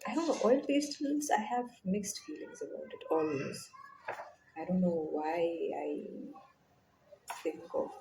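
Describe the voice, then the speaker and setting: A young woman with an Indian accent, a teacher, chatting casually in a vlog, animated with soft whispered asides. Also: fairly low pitch, measured pace, a little hiss or hum. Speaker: vlogger. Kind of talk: casual chat.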